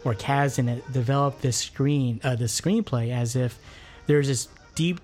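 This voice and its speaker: A man's voice: mid-range voice, darkish tone. A man co-hosting a casual movie commentary podcast, chatting enthusiastically. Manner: enthusiastic, chatty, many restarts. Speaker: podcast co-host.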